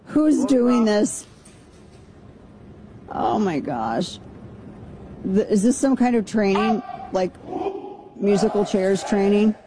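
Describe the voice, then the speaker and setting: A talk radio host commenting on air in a joking, incredulous way and often repeating herself. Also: female voice, mid-range voice, animated, slow, long pauses, crowd noise.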